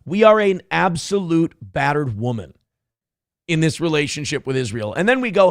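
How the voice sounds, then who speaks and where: Male show host, sarcastic ranting commentary, profane, gravelly voice, dry close mic. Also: sits high, lively intonation, a little fast, no room sound.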